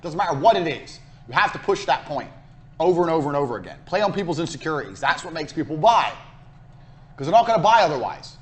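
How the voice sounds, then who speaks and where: As a course instructor in a recorded business lecture, a man comes across brash, profane and hard-selling, driving his points home through repetition. His voice is a little high and sing-song, and he speaks fast.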